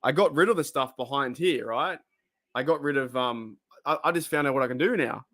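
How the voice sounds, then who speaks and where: A man with an Australian accent hosts a football watch-party stream, chatting casually, rambling, and often breaking into giggles. His voice is medium-pitched and a bit bright, and he talks a little fast.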